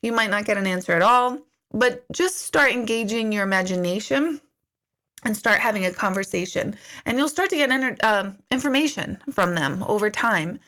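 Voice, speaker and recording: A middle-aged woman, an intuitive medium, hosts a casual live-stream Q&A answering viewer questions, with a medium-pitched voice at normal speed. She's chatty and tells stories, acting out her own remarks in lively asides.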